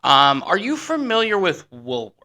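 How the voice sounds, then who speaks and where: Male talk radio host, bright sharp tone, excitable, rambling banter. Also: high-pitched, normal speed.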